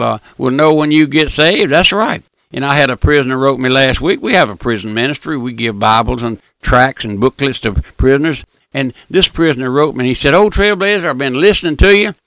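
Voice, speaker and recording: An older man preaching a folksy broadcast sermon, repeating his points and calling the listener "my friend", with emphatic, drawn-out stressed phrases. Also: medium pitch, pushed and bright, smooth, no echo. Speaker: radio preacher.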